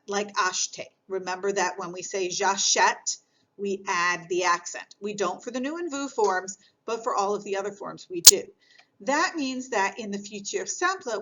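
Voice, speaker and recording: Woman, teacher, recorded lesson, patient explaining, middle pitch, slightly muffled audio. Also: sharp tone. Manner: patient, explanatory, repeats key points. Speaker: French teacher.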